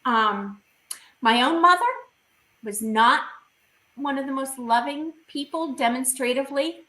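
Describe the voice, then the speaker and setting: A woman's voice: sits high, a little slow, pushed and bright, roomy sound, low-quality recording. A woman guest on a video call, recounting a personal experience in vivid, emotional detail.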